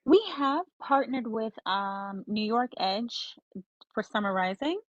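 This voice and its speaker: A woman's voice: on the high side, animated, no room sound, highs cut off. A woman who founded and heads a school, answering questions politely on a phone during an online meeting. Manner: polite, measured, slightly unsure. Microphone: phone on a video call.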